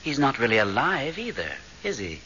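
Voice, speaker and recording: A sly ghost of a man in an old radio play, with a bright, lively voice that rises and dips as he teases. It comes over a dull vintage broadcast with a faint hiss beneath it. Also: medium pitch, normal speed. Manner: dry, teasing, knowing. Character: ghostly man, Paul's dead friend, sly. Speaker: actor in radio drama. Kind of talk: 1970s radio drama acting.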